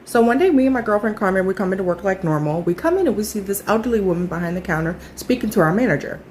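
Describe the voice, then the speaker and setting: A woman in her thirties telling a casual storytime, chatty and animated, acting out what other people said. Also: medium pitch, rapid-fire, a little hiss or hum. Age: 30s.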